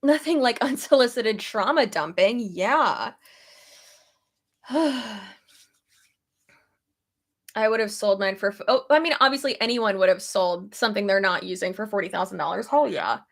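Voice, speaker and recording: A woman's voice: medium pitch, moderate pace, creaky, pauses often. A young woman chatting casually on a livestream, telling stories with lots of laughs and swearing, and pregnant. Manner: chatty, profane and laughing, with animated storytelling. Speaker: streamer.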